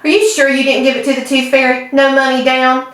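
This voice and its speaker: A woman's voice: high-pitched, level tone, a little fast, very noisy, close to an everyday voice. A woman voicing an ornery, teasing little country boy in a storybook read-aloud, with a sly, know-it-all manner. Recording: echoey room, distant mic.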